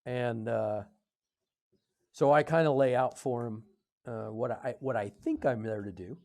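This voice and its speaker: A man in his fifties from the United States, a podcast guest telling a story in a loose, conversational way. He hesitates often, filling gaps with ums and correcting himself mid-sentence. His voice sits at an ordinary middle pitch for a man. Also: vocal fry, darkish tone. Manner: halting, full of fillers and self-corrections. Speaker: podcast guest, retired Air Force officer.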